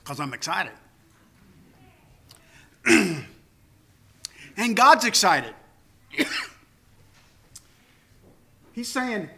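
A man's voice: high-pitched, very animated, very slow, vocal fry, long pauses, sharp tone, husky. An older man preaching a sermon, earnest and emphatic, with personal asides. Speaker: pastor.

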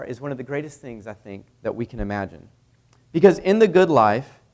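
A male pastor delivering a sermon earnestly, moving between emphatic and quiet passages. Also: on the high side.

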